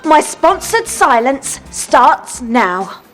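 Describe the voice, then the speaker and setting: A woman's voice: high-pitched, very animated, very slow, over music, exaggerated voice. An actress playing a chatty young woman talking confidingly in a sitcom. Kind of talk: sitcom acting.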